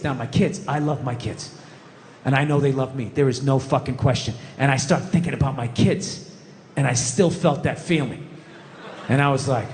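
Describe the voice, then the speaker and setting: A man's voice: on the high side, fairly quick. A man doing a stand-up routine, telling a confessional, profane story. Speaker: stand-up comedian. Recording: live venue reverb with background noise.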